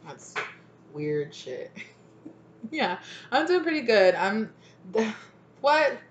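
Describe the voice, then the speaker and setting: This tarot reader speaks in a highish, sing-song voice, drawing out her words as she chats, laughs, and swears casually with viewers. The dull audio has a roomy echo and some faint noise.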